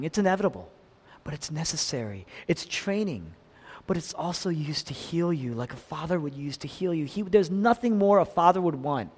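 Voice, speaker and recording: Man preaching in an echoing hall. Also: breathy edge. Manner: dynamic preaching, acts out quotes with big swings in pitch and volume. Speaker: pastor. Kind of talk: sermon. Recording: long reverb of a large hall.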